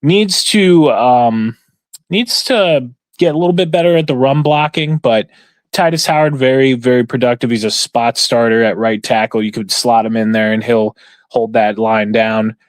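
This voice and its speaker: Male sports podcast host, casual and rambling, lots of fillers, mid pitch, dry close sound. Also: normal speed, dry recording, low-quality recording. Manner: rambling, filler-heavy, opinionated. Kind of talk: casual sports talk commentary.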